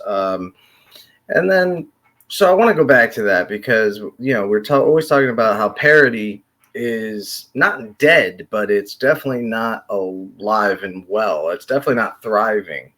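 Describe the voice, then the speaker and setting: A man with a lowish voice talks loosely to his viewers, stumbling through uh's and tossing in swear words. It is relaxed, off-the-cuff vlog chat. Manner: rambling, lots of fillers and swearing. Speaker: YouTube commentary host.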